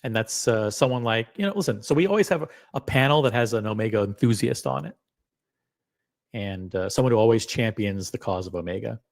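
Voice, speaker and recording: A middle-aged man hosting a live stream, excitable and rambling, with many fillers and some swearing. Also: fairly low pitch, fairly quick, vocal fry. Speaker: host. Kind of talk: casual live-stream chat.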